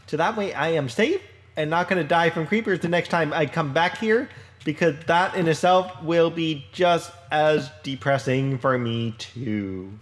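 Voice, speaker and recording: A man hosting a casual let's play, chatting his way through a building session with lots of fillers, restarts and self-deprecating remarks. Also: fairly high pitch. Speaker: Minecraft let's play host. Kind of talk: casual gameplay commentary.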